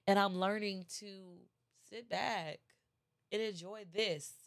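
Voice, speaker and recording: A woman's voice: mid-range voice, takes it slowly, creaky, noisy background. A woman giving a casual inspirational talk, emphatic and chatty, repeating phrases and speaking straight to her listeners. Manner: chatty, addresses listeners directly. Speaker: motivational speaker.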